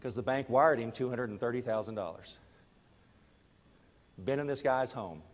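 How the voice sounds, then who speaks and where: A middle-aged man giving a motivational talk to a live audience, telling a personal story and moving between quiet confession and loud urging. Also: medium pitch, moderate pace, long reverb tail. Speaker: network marketing speaker.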